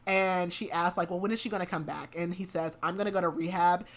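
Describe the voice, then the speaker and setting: A woman's voice: lowish voice, fast talker. Chatty woman recapping a romance novel. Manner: animated retelling with lots of "like", half-acting the quotes. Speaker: podcast host. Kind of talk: casual book recap.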